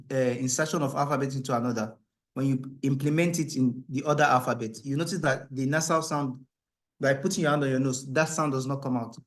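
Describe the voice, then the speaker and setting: A man teaching Quran recitation rules, explaining in a questioning style and breaking into a higher, louder chant for the verses. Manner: asks the class rhetorical "what?" questions. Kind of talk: tajweed lesson, explaining and reciting.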